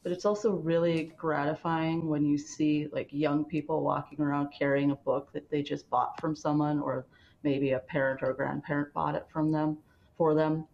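A woman with a very low voice chats on a radio interview, her talk slow and thoughtful. The sound is slightly dull with a faint hiss behind. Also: flat delivery. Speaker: festival organizer guest. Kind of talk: casual radio interview chat.

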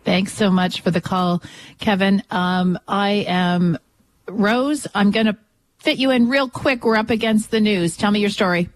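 A woman's voice: mid-range voice, a little slow, no echo. A woman hosting a call-in radio show, chatting about a topic and putting questions to her listeners and callers.

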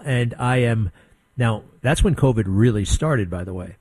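A middle-aged man hosting a radio talk show, blunt and sarcastic, mocking people with quick impressions. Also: medium pitch, expressive, darkish tone, breathy edge, no echo. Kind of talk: opinionated talk radio monologue.

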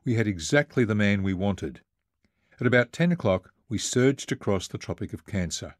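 A man with a lowish voice narrates a first-person travel memoir as an audiobook. He reads in a measured, vivid way. The recording is dry, with almost no room sound. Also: lively intonation, dry recording.

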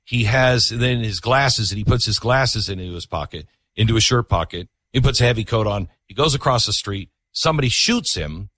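Animated male host, dry mic. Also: on the low side, normal speed, no echo. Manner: animated, vivid storyteller. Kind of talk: casual interview and ad read.

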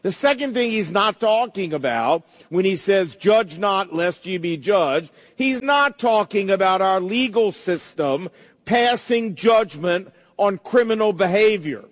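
A middle-aged man preaching a sermon, emphatic, slowing down to quote verses. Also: high voice, lively intonation, big-room sound. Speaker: pastor.

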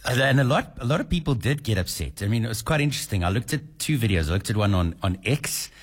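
A man's voice: mid-range voice, big pitch swings, fast talker, husky. A man co-hosting a radio show, teasing and playful, stretching out his words. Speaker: radio co-host. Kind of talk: casual radio chat. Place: radio studio.

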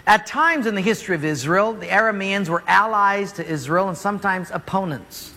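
A man's voice: sits high, lively intonation, a little fast, bright, forceful tone, in a large hall. A man preaching a sermon as pastor, telling the story animatedly with jokes.

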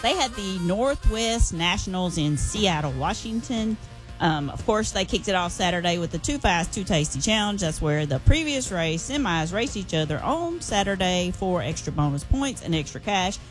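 A woman gives an excited, chatty radio report on the races. Her voice sits a little low for a woman, with faint music behind her. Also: normal speed. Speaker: racing reporter.

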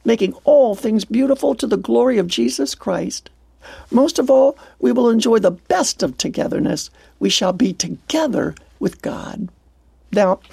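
A woman's voice: mid-range voice, creaky, dark tone, breathy edge, dry recording. An older woman hosting a devotional radio program, talking earnestly and exclaiming with wonder. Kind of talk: heartfelt devotional radio talk.

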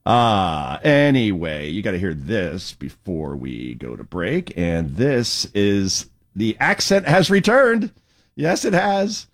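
A man's voice: fairly low pitch, very animated, takes it slowly. A man hosting a talk show, giving sarcastic, mocking political commentary.

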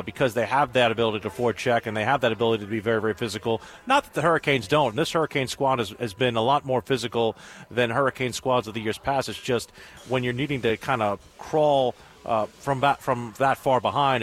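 A man's voice: mid-range voice, fairly bright tone. A man hosting sports radio talk, rambling and repeating words as he works through a point.

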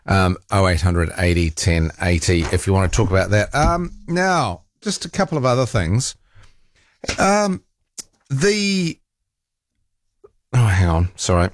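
A man's voice: low voice, sing-song, measured pace, long pauses. A man hosting a talkback radio show, telling a rambling, exasperated story with laughs and mild swearing. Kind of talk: casual on-air chat.

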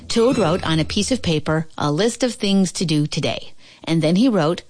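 A woman narrating a children's storybook in a slow, deliberate, expressive read-aloud. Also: lowish voice, music in the background.

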